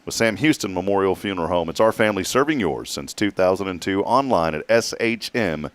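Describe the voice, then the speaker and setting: A man's voice: low voice, animated. A man hosting a casual morning radio show, telling stories and laughing often. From Texas. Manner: storytelling, laughs often, drawn-out asides.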